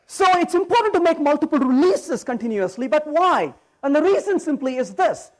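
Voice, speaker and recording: A man's voice: very high voice, fairly quick. A man giving a conference talk, telling jokes and throwing rhetorical questions at the audience. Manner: animated, joking storyteller. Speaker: conference speaker. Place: conference hall stage.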